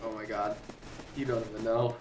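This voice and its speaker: A man chatting casually about games on a podcast, laid-back and quick to laugh. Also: fairly low pitch, little pitch movement, darkish tone, slight background noise. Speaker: podcast guest. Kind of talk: casual gaming chat.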